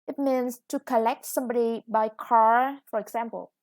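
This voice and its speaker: A woman's voice: on the high side, fairly even intonation, normal speed. A woman English teacher with a Vietnamese accent, explaining a lesson patiently. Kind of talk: recorded classroom lesson.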